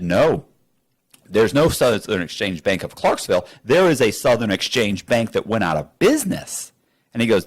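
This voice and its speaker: A man telling a story as an interview guest in a studio, acting out both sides of the conversations. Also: mid-range voice.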